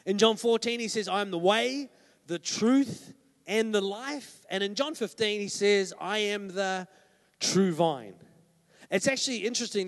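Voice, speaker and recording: A man preaching a sermon as pastor, conversational and emphatic, often checking in with "right?". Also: high voice. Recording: long hall reverb.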